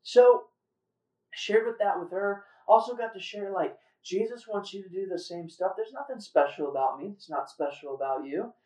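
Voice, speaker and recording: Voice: mid-range voice, normal speed, mellow. A host telling a faith story in a casual, earnest way, with fillers and restarts. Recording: roomy echo, far from mic.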